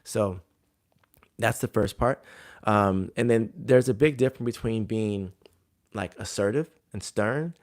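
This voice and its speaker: Male coach, lowish voice, relaxed storytelling advice with lots of fillers. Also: unhurried. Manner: conversational, filler-heavy storytelling. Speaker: jump coach. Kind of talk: casual advice talk to coaches.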